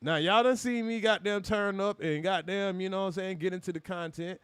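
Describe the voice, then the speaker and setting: With a high, smooth, fairly bright voice and a slightly fast pace, this man addresses his live chat on an echo-free recording. As host of a reaction channel, he rants with heavy swearing, rhetorical questions, and direct call-outs of chatters.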